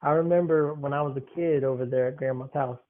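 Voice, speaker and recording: A man's voice: medium pitch, steady tone, fast. Teasing young man, tinny phone sound. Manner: teasing, joking storyteller. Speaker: podcast host. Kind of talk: casual podcast chat.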